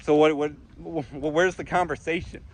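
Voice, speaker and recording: A man's voice: fairly high pitch, fairly even intonation, moderate pace, low-quality recording. A man delivering an impassioned, profane monologue outdoors among trees, repeating himself as he rants. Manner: intense, profane, repetitive ranting. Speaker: vlogger.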